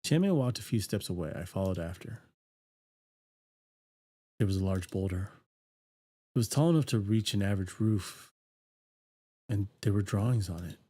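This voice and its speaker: Low-voiced man reading a game aloud. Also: moderate pace, pauses often. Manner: steady, even narration with dry asides. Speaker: streamer. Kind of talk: reading a visual novel aloud.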